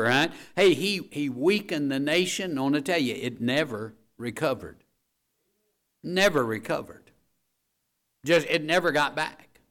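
A man preaching a sermon in a conversational, folksy way, often climbing into loud, high emphasis.

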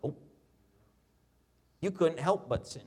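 A middle-aged man preaching a sermon, reading scripture and telling stories with lively, animated delivery. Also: slow pace, husky. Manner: animated storytelling preacher, reads scripture in a lower, steadier voice. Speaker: pastor.

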